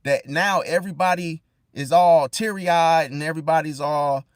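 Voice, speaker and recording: A man giving casual relationship advice straight to the listener, slangy, calling them bro and swinging between loud and hushed. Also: fairly high pitch, normal speed, no room sound, studio quality. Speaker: zodiac relationship commentator. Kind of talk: casual direct-to-camera advice rant.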